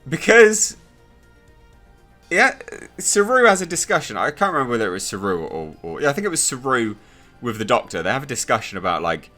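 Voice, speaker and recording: A young man talks through a TV episode in a loose, exasperated review. His voice swings widely in pitch and sounds bright and forceful. Faint background music plays under him. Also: very animated, fairly quick. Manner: sarcastic, exasperated, mocking impressions. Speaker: TV show reviewer. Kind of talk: casual spoken review.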